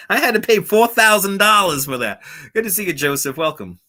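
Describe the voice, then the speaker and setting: A man's voice: sits high, sing-song, unhurried, pauses often, bright, forceful tone. A man hosting a casual livestream outdoors, chatting with viewers and laughing often, on a lapel mic. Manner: chatty, reads out and answers chat, laughs often. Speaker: livestream host. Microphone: wireless lapel mic.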